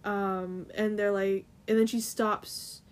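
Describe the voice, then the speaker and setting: A woman's voice: mid-range voice, flat delivery, takes it slowly. A young woman co-hosting a casual chat, rambling through a plot recap with lots of fillers. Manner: chatty, rambling, filler-heavy. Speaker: co-host.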